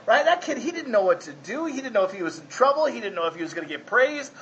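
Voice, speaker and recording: A man's voice: extremely high pitch, sing-song, quick pace, a bit bright, highs cut off, slight background noise. A man preaching a conversational sermon, folksy and often asking his listeners if they follow. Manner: folksy, asks the congregation 'right?'. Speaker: pastor.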